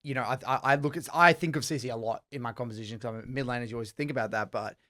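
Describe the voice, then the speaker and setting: A man co-hosting a gaming podcast, talking in a rapid, excitable way with lots of restarts and repeated words. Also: medium pitch. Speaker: podcast co-host. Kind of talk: casual gaming podcast chat.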